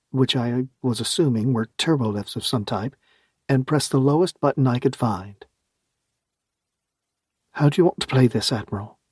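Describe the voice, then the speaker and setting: Husky male audiobook narrator. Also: mid-range voice, darkish tone, dry recording, clean studio sound. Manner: wry, conversational. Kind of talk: first-person audiobook narration.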